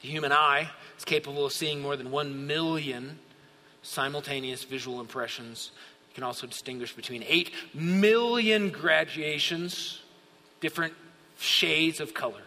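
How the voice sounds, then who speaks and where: A man preaching a sermon, moving between hushed asides and shouted bursts of awe. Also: a little high, moderate pace. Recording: long hall reverb.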